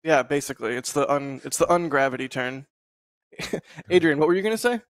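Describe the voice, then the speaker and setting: A man hosting a casual live stream, talking in a relaxed, rambling way with frequent laughs over a video call. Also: on the high side, fairly quick, dry recording. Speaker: host.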